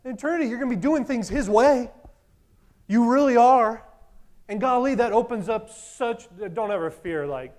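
A man preaching with a high, light voice. He is animated and enthusiastic, jumping from loud whoops to low, earnest asides as he makes his point. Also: normal speed. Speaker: pastor. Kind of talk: sermon.

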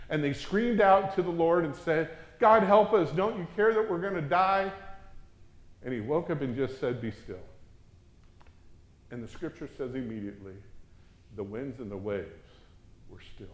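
A man preaching a sermon, swinging from loud, urgent exhortation down to hushed, reverent tones. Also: on the high side, roomy sound.

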